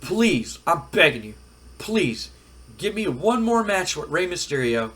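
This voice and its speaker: A man doing a high, loud impression of a boastful, whiny wrestler in a wrestling video game playthrough. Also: expressive, measured pace, exaggerated voice. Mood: pleading. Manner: loud, high-pitched and pleading.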